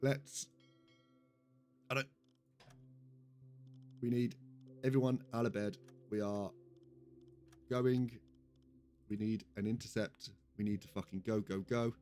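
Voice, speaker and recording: A man's voice: on the low side, fairly even intonation, takes it slowly, pauses often, warm tone, faint music behind. A young British man giving casual live commentary on a game, chatty and giggly, swearing now and then. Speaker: streamer.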